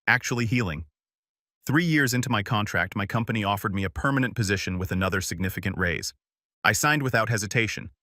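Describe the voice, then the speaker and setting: Low-voiced calm male storyteller. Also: quick pace, dry recording, studio quality. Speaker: story narrator. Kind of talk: scripted first-person story narration.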